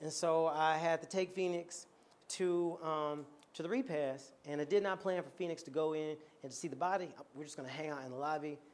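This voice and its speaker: A man with a notably high voice preaches a storytelling sermon to his church. He is animated and playful, cracking jokes and breaking into laughter as he goes. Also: a little fast. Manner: animated and joking, laughs often mid-sentence. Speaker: pastor. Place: church before a congregation.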